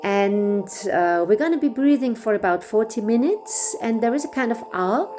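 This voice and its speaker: A middle-aged woman whose first language is German, guiding a breathwork session in a gentle, unhurried way with small restarts. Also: fairly high pitch, lively intonation, soft background music. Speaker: breathwork facilitator. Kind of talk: guided breathwork instruction.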